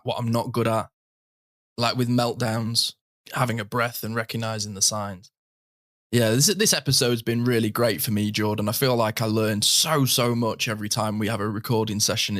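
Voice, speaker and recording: A man, co-hosting a podcast, speaking in a calm, reflective way. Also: mid-range voice, no room sound, clean studio sound. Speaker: podcast co-host. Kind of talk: casual podcast conversation and outro.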